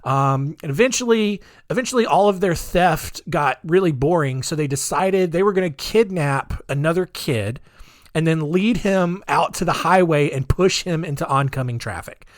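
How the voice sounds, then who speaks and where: A man's voice: on the high side, moderate pace, no echo, clean studio sound. A man hosting a podcast, telling a story in a chatty, rambling way with sarcastic asides. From United States. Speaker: podcast host.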